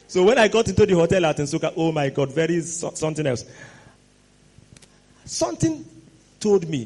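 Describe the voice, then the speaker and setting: High, lively preacher. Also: male voice, normal speed, long pauses. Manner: animated, exclamatory, rising to shouts. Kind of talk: sermon.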